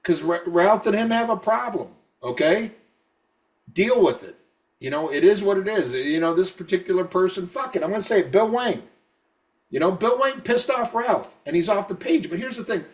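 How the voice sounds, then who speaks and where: A drunk man rants on a podcast, swearing constantly and tripping over repeated words as he restarts his sentences. His voice sits fairly high for a man. He is recorded a little far from the microphone. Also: expressive, moderate pace. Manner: profane, repetitive, stammering restarts. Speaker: podcast co-host. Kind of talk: casual podcast rant.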